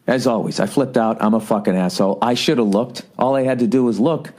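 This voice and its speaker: A man's voice: mid-range voice, fast talker, darkish tone. A man in his forties hosting a podcast, telling a comic story in a profane, exasperated, ranting way. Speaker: podcast host. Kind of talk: comedic storytelling monologue.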